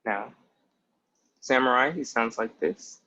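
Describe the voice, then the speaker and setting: A man's voice: medium pitch, takes it slowly, gravelly, sharp tone. A young man in his twenties giving a casual spoken language lesson, explaining step by step and often starting with "so" and "basically.". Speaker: language tutor. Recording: muffled lo-fi audio.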